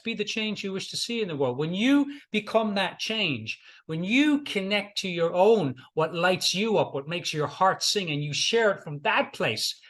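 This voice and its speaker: A man's voice: high-pitched, sharp tone. A middle-aged man, a life coach, giving a motivational talk and retelling client stories, repeating key lines for emphasis.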